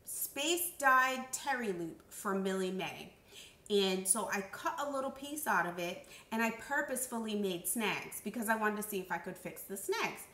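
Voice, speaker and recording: A woman reviews sewing gadgets in a bubbly, joking manner and treats her viewers as friends. Her voice is bright and a touch high. It is recorded from a distance in an echoey room. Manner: chatty, bubbly, jokey, addresses viewers as friends. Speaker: sewing pattern maker and product reviewer. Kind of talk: casual product review vlog.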